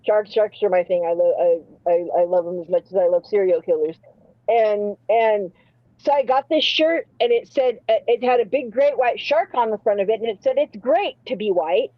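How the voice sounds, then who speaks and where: A woman's voice: mid-range voice, moderate pace, dry recording. A woman hosting a live panel, telling crude comic stories in a rambling way, full of restarts. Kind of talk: rambling comedic storytelling. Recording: dry, slightly muffled stream audio.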